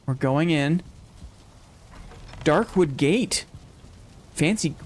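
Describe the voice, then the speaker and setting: A man streaming a game live, commenting casually and getting excited and gushing as he explores. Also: high voice, a little slow. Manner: excitable, gushing, laughs often.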